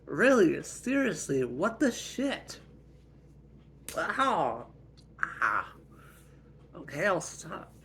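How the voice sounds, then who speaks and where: A woman's voice: low voice, big pitch swings, drawn-out words, long pauses, bright, forceful tone, slight background noise, voice pushed up, full character voice. A man voicing a cheeky younger sister and aunt, sassy and whiny in a raised voice.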